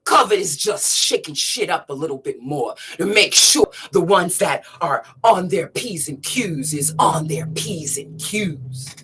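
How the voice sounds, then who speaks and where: A woman hosting a live stream, talking in a dramatic, chanting way, repeating phrases and swinging between shouts and hushed words. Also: low voice, expressive, unhurried, few pauses, slight background noise. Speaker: livestream host. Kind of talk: live-streamed spiritual monologue.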